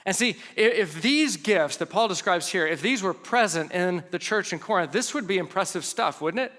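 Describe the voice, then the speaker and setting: A man's voice: high voice, animated, normal speed, bright, forceful tone, big-room sound. A man giving a sermon as pastor, preaching earnestly with rhetorical questions and scripture readings.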